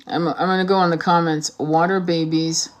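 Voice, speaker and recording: A woman's voice: lowish voice, flat delivery, moderate pace. A woman hosting a casual livestream, talking while searching online, distracted and swearing, with many restarts. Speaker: tarot reader livestream host.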